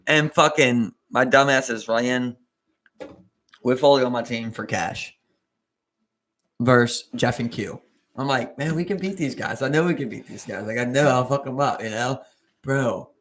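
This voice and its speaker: A man's voice: medium pitch, moderate pace, a bit bright. A man with a Baltimore accent, co-hosting a podcast, telling a story in loose casual chat, acting out his friends' lines and laughing often. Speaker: podcast co-host.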